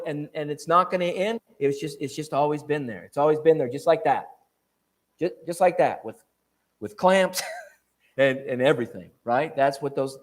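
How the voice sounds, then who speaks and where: A man giving an evening church talk, lively and conversational, often restarting and checking in with questions to the room. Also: on the high side. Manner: animated, repeats and restarts, asks the room questions. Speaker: preacher.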